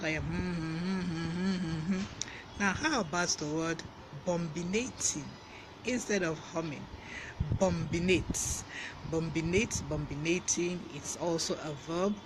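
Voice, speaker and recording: A man's voice: high voice, noisy background. A man from Nigeria with a Nigerian English accent, hosting a casual live-stream vocabulary lesson and greeting viewers by name. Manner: lively, greets viewers by name, laughs often.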